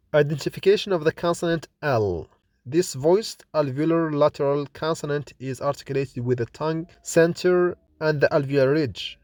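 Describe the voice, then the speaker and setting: A man's voice: a little high, a little mellow, no room sound, clean studio sound. A man teaching a recorded phonetics lesson, reading example words one by one for the listener to repeat. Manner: slow, deliberate drilling of example words for repetition. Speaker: phonetics lecturer.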